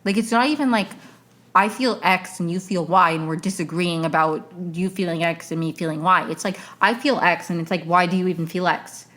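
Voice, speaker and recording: Rambling, exasperated woman, slightly low. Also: fairly quick, a bit bright. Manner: rambling and exasperated, many fillers and restarts. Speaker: podcast host. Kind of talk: casual solo commentary.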